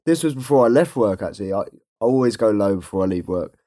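A man's voice: fairly low pitch, expressive, fast, warm tone, dry recording. A man is co-hosting a laid-back podcast and chatting with a friend. His voice rises and falls a lot as he tells stories, and he laughs often. The recording is dry and close. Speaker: podcast co-host. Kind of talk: casual chat.

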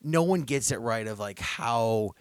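A young man hosting a casual podcast, telling a long story with lots of restarts and growing louder as he relives it. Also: medium pitch, expressive, unhurried, no room sound. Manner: rambling storyteller, restarts often, gets loud when retelling. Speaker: podcast host.

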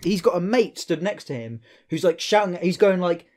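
A man's voice: high voice, normal speed. A young man, telling a long anecdote in casual banter and acting out the people in it. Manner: storytelling with lively quoted voices, laughs often.

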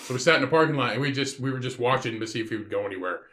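A man's voice: mid-range voice, very fast, fairly bright tone, slight background noise. A young Midwestern man co-hosting a podcast, telling stories in a profane, laughing way. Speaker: podcast co-host. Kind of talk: casual chat, storytelling. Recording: roomy echo.

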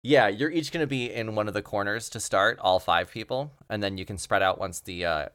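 Low-ish guy game mastering, laid back and jokey. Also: brisk. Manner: relaxed, joking narration. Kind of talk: narrating a tabletop game.

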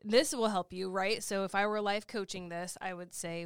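A woman's voice: medium pitch, steady tone, normal speed, hardly any pauses, smooth, dry recording, clean studio sound. A woman in her forties co-hosting a casual chat. She laughs easily and rattles off lists. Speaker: podcast co-host.

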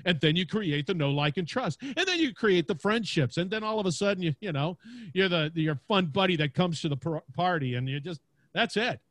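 An energetic man with a big booming voice, chatting casually in a podcast interview and laughing often. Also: a little fast, no echo. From Louisiana, United States. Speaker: podcast host and guest. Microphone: podcast mic.

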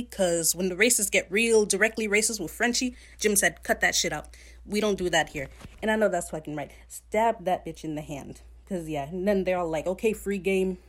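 A woman casually recapping a TV episode, blunt and profane, jumping into quick character voices as she retells scenes. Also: mid-range voice. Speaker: podcast host recapping a TV episode.

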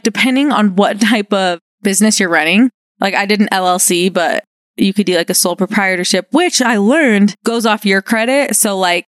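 A young woman talks through her solo podcast in a casual, upbeat ramble, dropping "like" all through her sentences. Her voice sits at an ordinary pitch for a woman and is recorded dry and close, with no room echo. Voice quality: upbeat, chatty with many "like" fillers. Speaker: podcast host.

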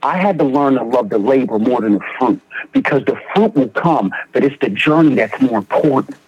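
A husky, mid-range male voice, animated and a little fast, belongs to a young Philadelphian guest describing his recovery in conversation. He leans on slang and repeated starts, and the recording sounds muffled.

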